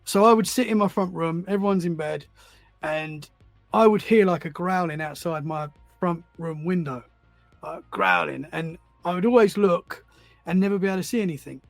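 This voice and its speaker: Guy rambling through a spooky story, kinda high voice, bit of fry, dry sound. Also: normal speed, no echo, soft background music. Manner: rambling, repeats words while finding his thread. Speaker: podcast guest, paranormal enthusiast. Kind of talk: casual storytelling.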